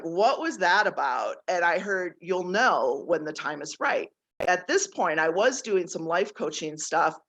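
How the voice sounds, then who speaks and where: A woman guest on a casual interview, telling personal stories in an animated way and laughing often. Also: on the low side. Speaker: guest author, nature intuitive.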